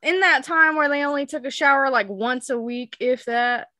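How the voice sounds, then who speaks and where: A woman's voice: sits high, fairly even intonation, moderate pace, bright, forceful tone. A woman co-hosting a podcast in casual chat, making wry, laid-back jokes. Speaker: podcast co-host.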